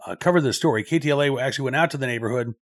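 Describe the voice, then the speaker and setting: A man hosting a news commentary show, talking things through in a loose, conversational way with frequent filler pauses. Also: medium pitch.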